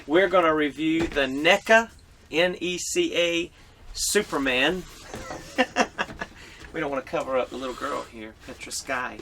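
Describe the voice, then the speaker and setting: A man's voice: fairly high pitch, a little slow, gravelly, pauses often, sharp tone, slight background noise. A middle-aged man and father hosting a casual family toy review, playful and laughing often.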